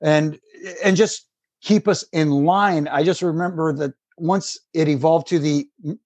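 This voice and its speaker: Former referee, male, husky, dry close sound, rambling anecdotal delivery. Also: a little high, fairly even intonation, unhurried, a little mellow, dry recording. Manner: rambling anecdotes with restarts and laughter. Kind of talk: casual storytelling.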